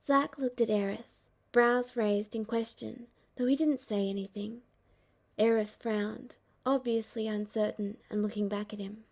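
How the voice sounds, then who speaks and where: A woman narrating a fan-fiction audiobook in a measured, even storytelling manner. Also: on the high side. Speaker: audiobook reader.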